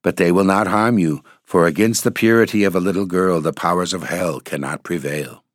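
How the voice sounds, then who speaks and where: A man reading a storybook, voicing a lonely, weary old ghost nobleman who speaks sadly in a low, dreamy way. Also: moderate pace, no room sound, clean studio sound. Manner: sad, low, dreamy speech.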